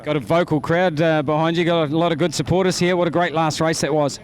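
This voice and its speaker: Outdoors at a speedway, a pit interviewer with a New Zealand accent chats with drivers trackside after a race. His voice is on the high side and steady, and he talks fast in an upbeat, chatty way.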